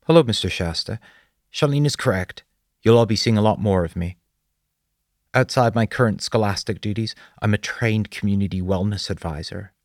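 A man voicing a stiff, expressionless male school counselor who talks in a flat, formal way. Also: on the low side, moderate pace, dry recording, studio quality, close to an everyday voice. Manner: flat, formal, unsettlingly calm.

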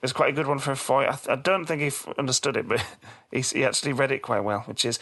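A man in his thirties co-hosts a casual podcast chat in a mid-range, slightly bright voice, talking fast with few pauses. He jokes, laughs often, and repeats phrases.

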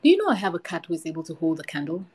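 A woman's voice: low voice, very animated, rapid-fire, a little mellow, husky, full character voice, low-quality recording. A woman voicing a murderous old man in the woods in a folktale reading, insistent and pressing as she reads his lines.

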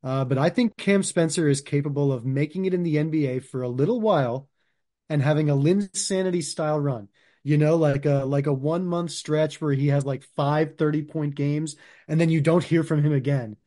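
A man's voice: fairly high pitch, normal speed, mellow. A man co-hosting a casual sports podcast, talking loosely and hesitantly with many fillers. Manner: loose and hesitant, full of "like" and "you know". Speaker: podcast co-host.

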